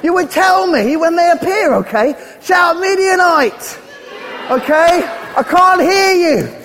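A man playing a frightened Israelite villager hiding in a cave, talking to children in a nervous, hushed way. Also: very high-pitched, lively intonation, measured pace, some chatter behind, pitched above the performer's own voice, exaggerated voice. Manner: jittery, hushed then calling out to children. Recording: echoey hall, faint noise.

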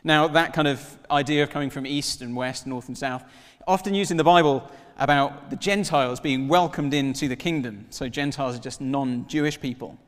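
A man in his thirties preaching a sermon, telling stories with lively acted-out dialogue. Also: mid-range voice, moderate pace, hardly any pauses, long reverb tail. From Wales. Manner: animated storytelling, acts out dialogue in voices.

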